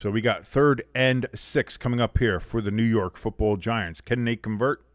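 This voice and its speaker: A lowish male voice at a moderate pace, recorded dry, hosts a live football watch-along stream. He calls the plays and reads chat, tossing in exasperated, sweary asides as he commentates casually.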